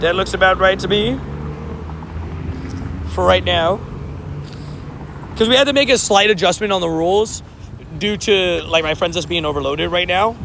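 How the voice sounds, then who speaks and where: A high-voiced man with a gravelly edge runs a live stream outdoors. He chats loosely with his viewers, rambling and laughing easily. Faint traffic noise hums behind him. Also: moderate pace, pauses often, a bit bright. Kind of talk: casual live-stream chat.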